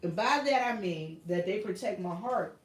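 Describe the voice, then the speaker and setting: A woman's voice: mid-range voice, expressive, normal speed, echoey room, distant mic, rough recording. A woman with a Southern US accent hosting a casual livestream chat from her workshop, earnest and repetitive, calling her viewers y'all. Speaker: YouTube livestream host. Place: home workshop with a printer running.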